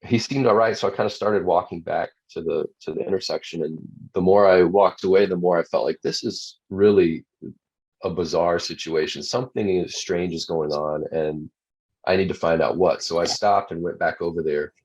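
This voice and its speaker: Deep-voiced man telling a story. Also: fairly even intonation, normal speed, a little mellow. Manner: earnest storytelling with repeated restarts. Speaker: guest. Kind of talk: storytelling in a talk show interview. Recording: dull lo-fi sound.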